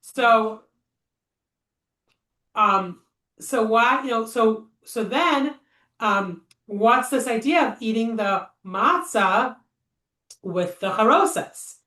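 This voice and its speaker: A woman's voice: fairly high pitch, animated, takes it slowly, long pauses, bright, forceful tone. A woman leading an informal text study class, chatty and thinking aloud with many fillers and rhetorical questions. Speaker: Torah study teacher. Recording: echoey room, voice a bit far from the mic.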